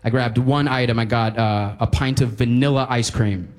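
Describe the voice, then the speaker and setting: A man telling a comic story in a wry, conversational stand-up style with deadpan punchlines. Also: medium pitch, moderate pace. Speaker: stand-up comedian.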